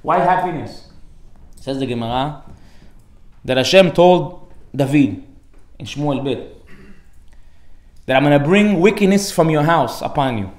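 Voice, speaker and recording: A man giving a casual, lively Torah class, acting out the people in his stories with sudden loud outbursts and mixing Hebrew terms into everyday English. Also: fairly high pitch, measured pace, long pauses, echoey room. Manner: animated storyteller, acts out characters with sudden loud outbursts. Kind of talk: lively informal Torah lecture.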